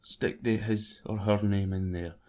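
A man's voice: on the low side, fairly even intonation, a little slow, mellow. A man chatting casually about football, rambling and self-mocking as he answers listeners. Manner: rambling, self-mocking, bursts into sung chants. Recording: dull lo-fi recording.

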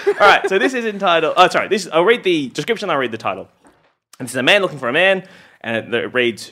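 A man from Australia, a comedian hosting a podcast, telling stories in animated, laughing banter. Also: a little high, quick pace. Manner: animated, laughing, swearing storyteller.

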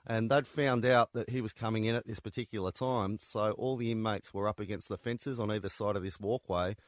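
A man with a lowish voice, speaking as the author of prison books in a relaxed interview. He talks in loose, conversational runs, full of ums and restarts. The recording is dry and close, with no room sound. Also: a little fast, no room sound. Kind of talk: interview guest recounting stories.

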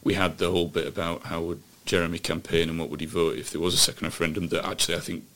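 A man's voice: low-pitched, little pitch movement, racing, a bit bright. A man from England, co-hosting a casual, jokey political chat podcast. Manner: chatty, jokey, laughs often. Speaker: podcast co-host.

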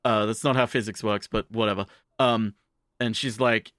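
A man casually recapping an anime plot for a podcast, jumping into quick character voices as he goes. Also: lowish voice, no echo, clean studio sound. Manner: animated, acts out characters' lines in quick voices.

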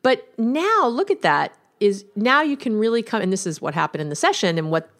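A woman therapist talks through relationship advice on her podcast. Her voice sits in a middle pitch, and her manner is loose and conversational as she acts out sample exchanges between partners. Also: very animated, fairly quick, a bit bright. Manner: conversational, acts out quoted exchanges, laughs now and then. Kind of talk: instructional podcast monologue.

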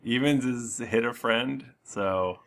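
A man's voice: medium pitch, takes it slowly, fairly bright tone. A man running a tabletop game as game master, teasing his players in casual banter. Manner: teasing, playful.

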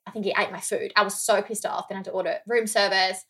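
A woman from Australia tells stories in a relaxed, casual chat. Her voice is bright and sharp, and she delivers each anecdote with animation, swears freely, and acts out the dialogue. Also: mid-range voice, quick pace, slightly rough.

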